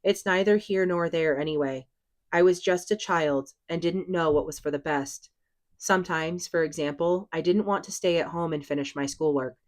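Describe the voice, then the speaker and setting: A woman reading aloud, voicing a stern but patient father who talks in a measured, lecturing way. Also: low-pitched, lightly acted. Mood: reminiscing.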